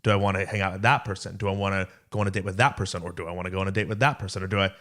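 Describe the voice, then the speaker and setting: Co-host, young adult man, lowish voice, loose rambling delivery. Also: steady tone, very fast, a bit bright. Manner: rambling, filler-heavy storytelling. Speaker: podcast co-host. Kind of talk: casual chat.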